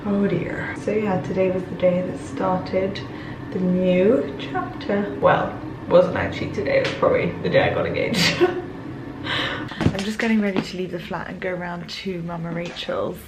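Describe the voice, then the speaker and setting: A young woman, chatting excitedly and rambling as she vlogs to camera. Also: lowish voice, normal speed, background noise. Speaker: vlogger. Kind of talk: casual vlog talk to camera.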